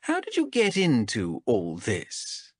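A man's voice: mid-range voice, huge pitch swings, slow pace, darkish tone, husky, dry recording, studio quality, exaggerated voice. A male narrator voicing a shrewd, mocking female elf captain in a raised, sardonic voice. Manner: sardonic, wheedling, menacing. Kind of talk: audiobook character voice.

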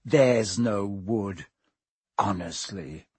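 A man's voice: a little high, expressive, a little slow, breathy edge, no echo, pitched above the performer's own voice, exaggerated voice. A man voicing a sarcastic, grumbling schoolboy wizard in a storybook reading.

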